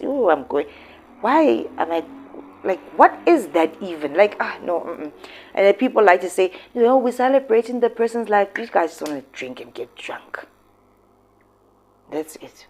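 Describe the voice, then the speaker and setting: A South African woman hosting casual commentary, talking expressively and emphatically. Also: deep voice. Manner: expressive, emphatic, switching into local words. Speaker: commentary host.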